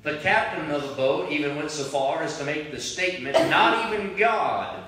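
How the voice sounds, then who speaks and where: A man preaching a sermon as pastor, moving between prayer and loud impassioned cries. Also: on the high side, brisk. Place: large church sanctuary. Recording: very echoey church from a distant mic.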